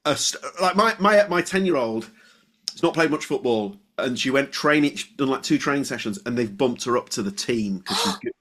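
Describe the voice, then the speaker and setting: Enthusiastic middle-aged podcast host. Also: male voice, mid-range voice, expressive, brisk, a bit bright. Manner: enthusiastic, apologetic, stumbling restarts. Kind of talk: casual podcast chat.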